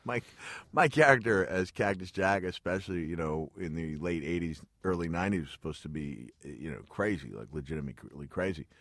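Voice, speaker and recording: Deep-voiced middle-aged man, rambling chat. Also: brisk, fairly bright tone, no echo, clean studio sound. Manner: rambling, restarts, frequent chuckles. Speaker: guest. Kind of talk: radio interview. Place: radio studio.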